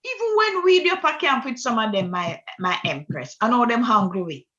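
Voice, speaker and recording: Bright, lively woman affirming. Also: on the high side, brisk, lo-fi sound. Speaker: study group member. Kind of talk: religious group discussion.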